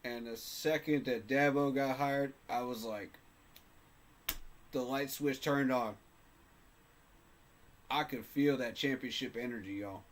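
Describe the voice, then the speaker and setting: Male fan host, mid-pitched voice, fired-up and emphatic, repeats lines for punch. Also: takes it slowly, long pauses, slight background noise. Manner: passionate, emphatic, repeats phrases for effect. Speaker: sports fan channel host. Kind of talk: casual fan commentary to camera.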